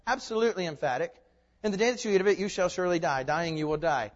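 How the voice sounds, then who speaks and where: A man preaching with a somewhat high voice, emphatic and full of rhetorical questions. He swings from forceful declarations to quiet, hushed asides. The sound is dull and lo-fi, with a long reverb trailing in a large hall. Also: lively intonation, rapid-fire. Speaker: pastor. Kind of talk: sermon.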